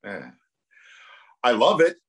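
Animated middle-aged man telling stories. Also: mid-range voice, slow, husky. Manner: animated, laughing storyteller. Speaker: tournament commentator, guest. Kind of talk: casual interview storytelling.

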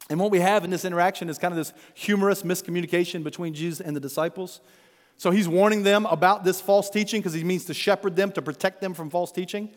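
A man's voice: sits high, long reverb tail. A man preaching a sermon in a conversational way, calling his listeners friends. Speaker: pastor.

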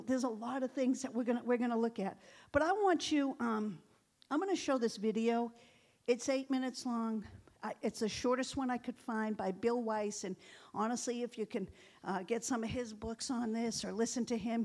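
A woman's voice: fairly high pitch, darkish tone. A middle-aged woman pastor preaching a sermon, telling stories in a chatty way and laughing often.

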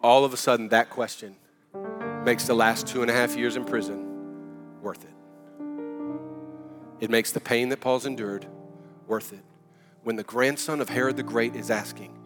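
A man preaching a sermon in an energetic, emphatic, conversational way. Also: medium pitch, normal speed, long pauses, in a large hall, music in the background. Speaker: pastor.

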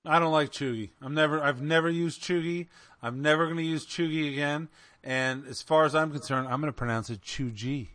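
A man's voice: fairly high pitch, fairly even intonation, a little fast, fairly bright tone, no room sound. A man co-hosting a podcast in casual chat, blunt and joking, with some swearing. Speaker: podcast co-host.

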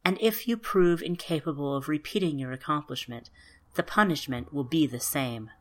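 Woman reading a proud, deliberate king. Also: low-pitched, close to an everyday voice. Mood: wary. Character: proud, suspicious king, measured.

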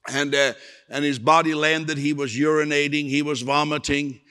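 A man's voice: on the high side, flat delivery, moderate pace, pushed and bright, smooth. A male preacher delivering a sermon, telling stories and acting out the voices of people in them. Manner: storytelling, acts out quoted voices. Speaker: evangelist preacher. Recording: long hall reverb.

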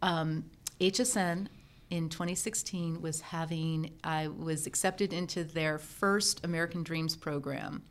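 Middle-aged woman telling her story, slightly low. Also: measured pace. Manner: lively storyteller who acts out remembered dialogue. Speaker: guest, professional organizer turned entrepreneur. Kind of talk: casual storytelling interview.

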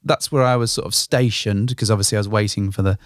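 Brief: male podcast co-host, lowish voice, dry close sound, loose rambling anecdotes. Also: fairly even intonation, fast talker, dry recording. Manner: rambling storyteller, hedges with "sort of". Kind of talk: casual chat.

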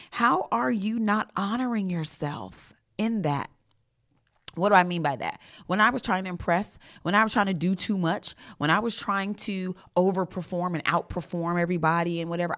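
A woman with a slightly low voice hosts a leadership podcast. She is emphatic and direct and repeats herself for effect. She keeps putting rhetorical questions to her listeners. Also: a bit bright. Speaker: podcast host and leadership coach. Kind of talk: motivational podcast monologue.

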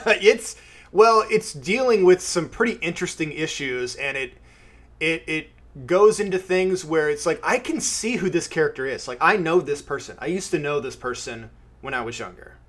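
A man's voice: a little high, animated, moderate pace, a bit bright. A man in casual conversation about a film, chatty, laughing easily and questioning his co-host. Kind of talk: casual film review chat.

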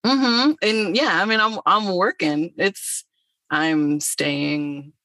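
A woman's voice: fairly low pitch, slow pace, sharp tone, no echo. A young woman, an actress and comedian, chatting casually as a podcast guest, laughing often and filling gaps with ums.

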